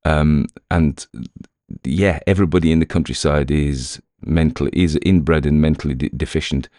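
A man's voice: rumbling low, fairly even intonation, moderate pace, mellow, no echo, studio quality. A British man who hosts a story podcast, chatting casually after a reading, rambling with wry asides. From Britain.

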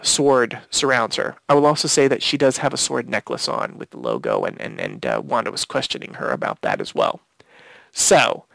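Slow, gravelly male podcast host. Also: medium pitch, dry recording. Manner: animated play-by-play recap, retelling scenes with quotes. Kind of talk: casual podcast discussion recapping a TV episode.

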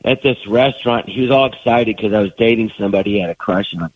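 A man's voice: on the low side, fast, husky, no echo, muffled recording. A male guest on a radio show, talking with a cold and telling long rambling stories. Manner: rambling storyteller. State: has a cold. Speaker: guest comedian. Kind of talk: casual radio interview.

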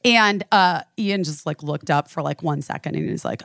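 A young adult woman telling a story in casual chat, profane and animated, acting out the lines of the people in it. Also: low-pitched, normal speed, creaky, hardly any pauses, dry recording, clean studio sound. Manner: profane, animated, acts out quoted dialogue. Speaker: storyteller on a talk show.

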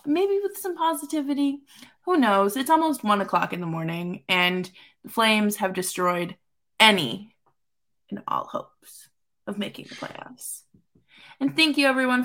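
A woman hosting a casual late-night hockey podcast, expressive and wry, exasperated with her team. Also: medium pitch. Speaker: podcast host.

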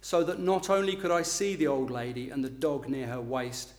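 A man's voice: medium pitch, lively intonation, normal speed. A middle-aged man, an author from England, giving a self-deprecating talk with filler ums and then reading a passage from his book.

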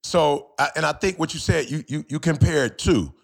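A man's voice: a little high, moderate pace, creaky. A man, a motivational speaker and co-host, talking with fervent, preachy drive on a podcast, repeating lines for emphasis and calling out to listeners. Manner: addresses listeners directly as y'all. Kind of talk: passionate podcast talk.

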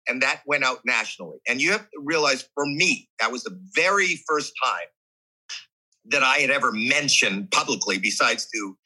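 A man being interviewed, telling a personal story in conversation, animated and emotional, with frequent restarts. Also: medium pitch, normal speed, breathy edge, rough recording. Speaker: guest.

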